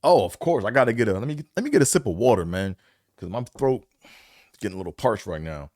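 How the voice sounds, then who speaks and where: Podcast host, male, low voice, rambling slangy solo chat, dry close sound. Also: expressive, quick pace, darkish tone, no room sound. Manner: rambling, repeats himself, talks up and down in bursts; slangy and conversational. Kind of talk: casual solo podcast talk.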